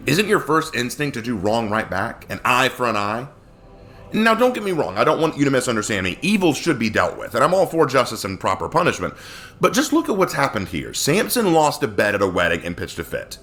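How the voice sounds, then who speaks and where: A man teaching a casual Bible study, expressive and acting out quoted lines in character voices. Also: mid-range voice, brisk.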